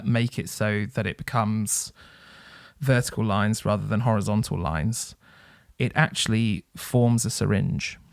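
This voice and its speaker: A man's voice: mid-range voice, gravelly, no echo, studio quality. A man co-hosting a music podcast, talking in a nerdy, enthusiastic way with frequent fillers. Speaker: podcast co-host. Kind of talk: casual music review chat.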